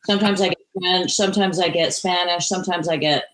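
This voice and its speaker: A woman with a lowish voice chats enthusiastically on a podcast. Her voice carries the echo of the room around her. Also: steady tone, fast talker, fairly bright tone. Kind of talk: casual chat.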